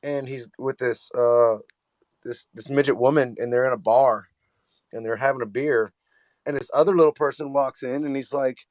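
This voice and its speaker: A man's voice: medium pitch, steady tone, moderate pace, a little mellow, no echo. A man hosting a livestream, telling crude stories in casual chat and laughing as he goes. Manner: laughing storyteller, crude jokes. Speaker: livestream host.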